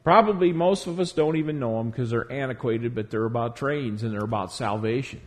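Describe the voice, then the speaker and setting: A man preaching a sermon to a congregation in a church, emphatic, drawing out key words slowly. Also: mid-range voice. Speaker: pastor.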